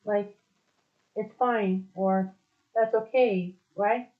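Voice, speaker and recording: A woman's voice: medium pitch, fairly even intonation, drawn-out words. A woman playing a cheerful young woman who chats and coaxes a machine, with a giggly, chatty manner. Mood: coaxing. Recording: dull lo-fi recording.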